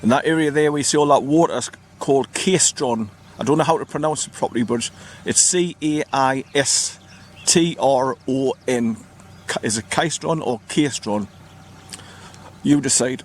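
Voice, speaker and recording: A man's voice: medium pitch, moderate pace, slight background noise. A man vlogging by his parked car in the countryside, chatty and rambling, spelling out place names as he goes. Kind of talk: casual walking vlog narration.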